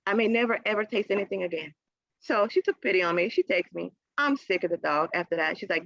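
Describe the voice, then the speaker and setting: A woman tells a personal story in a casual podcast interview, mimicking the people in it with sudden high-pitched voices and frequent laughter. Her voice has a gravelly edge and sits at a middle pitch. The recording is dry and slightly muffled. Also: quick pace, no echo. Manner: animated storyteller, acts out quoted voices with big pitch jumps, laughs often. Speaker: podcast guest, realtor.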